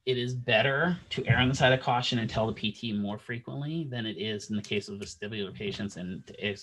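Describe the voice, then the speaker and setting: A man's voice: lowish voice, fairly quick, few pauses, fairly bright tone, a little hiss or hum, poor audio. A man teaching a recorded lecture alone into a computer microphone, talking casually and checking in with "right?". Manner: casual, conversational, frequent "right?" check-ins. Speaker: instructor.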